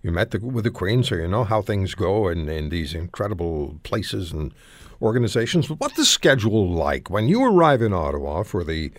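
A man from Canada hosting a radio talk show, animated and rambling as he searches for words. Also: sits low, moderate pace, no echo.

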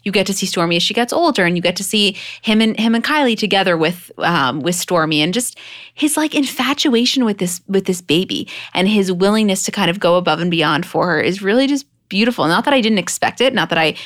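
Woman cohost gushing away, emphatic, drops f-bombs, normal mid pitch. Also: animated, a little fast, a bit bright. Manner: gushing and emphatic, swears freely. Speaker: podcast co-host. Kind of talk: casual chat.

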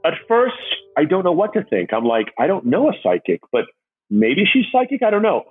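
A man's voice: huge pitch swings, moderate pace, breathy edge, narrow, tinny audio, faint music behind. A man animatedly telling his own story, acting out the voices of the people in it. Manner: acts out others' voices with big pitch jumps.

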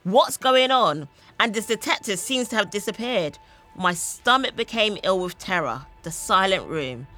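A woman's voice: mid-range voice, animated, measured pace, sharp tone, soft background music. A young woman, a comedian, telling a dramatic story in a playful way on a panel show.

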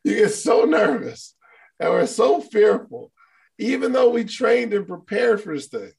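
A man giving a casual motivational talk to a live online audience, animated and playful, acting out little scenes. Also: high voice, unhurried, vocal fry. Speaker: motivational speaker.

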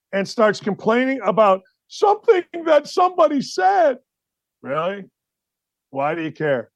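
A male show host giving ranting sports commentary, loud, exasperated and often shouting. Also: sits high, dry recording.

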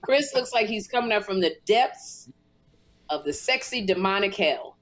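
An animated woman co-hosting a casual podcast, jumping up and down in pitch as she acts out both sides of a conversation. Her speech is loose and casual. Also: moderate pace. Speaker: podcast co-host.

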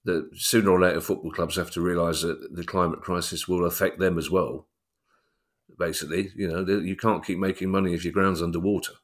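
A man co-hosts a casual podcast with a low, easy voice. He teases his partner and jokes around in relaxed chat. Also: fairly quick. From half Irish. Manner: jokey, teasing, breaks into laughter. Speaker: podcast co-host.

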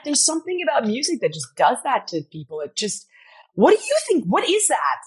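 A middle-aged woman with a slightly husky voice, telling stories as an interview guest. Her pitch swings widely as she acts out every quote, sitting a touch higher than most women's. She swears casually and laughs often. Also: wildly swooping pitch, a little fast. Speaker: guest, fitness personality.

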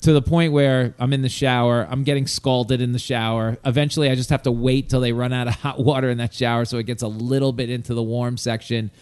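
A man from New York telling a long exasperated story in casual chat, animated and swearing. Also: mid-range voice, fairly quick, hardly any pauses, clean tone.

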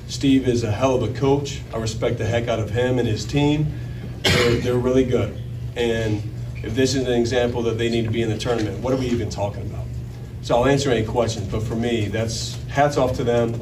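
A man's voice: medium pitch, fairly even intonation, brisk, recorded from a distance, noisy background. A man, a basketball coach, talking earnestly at a postgame press conference.

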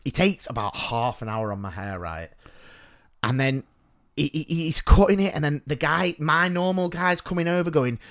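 This podcast co-host speaks at a moderate pace in a slightly high voice. His storytelling is casual and animated, poking fun at himself and breaking into frequent laughter.

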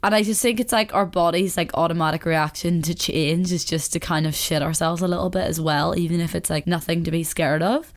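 A woman's voice: fairly low pitch, steady tone, a little fast, few pauses. A woman in her twenties hosting a podcast, talking in a rambling, candid and confessional way, full of "like". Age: 20s. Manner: rambling and chatty, heavy use of "like"; open and confessional. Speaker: podcast host. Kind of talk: candid casual monologue.

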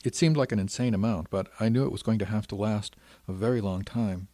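A man narrating a science fiction audiobook in the first person. He reads in a measured, reflective manner with a low voice. The recording is dry and close. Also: dark tone, dry recording.

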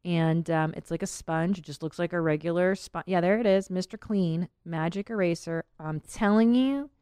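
A woman's voice: fairly low pitch, moderate pace, dark tone, clear, resonant tone, no echo, clean studio sound. A woman in her thirties hosting a podcast, chatting candidly, laughing often and rambling with fillers. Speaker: podcast host. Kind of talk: casual podcast chat.

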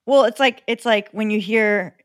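A woman's voice: medium pitch, moderate pace, clean tone, no echo, studio quality. A woman, a comedian guest on a podcast, talking animatedly with many "like"s and laughing asides. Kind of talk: casual chat about comedy.

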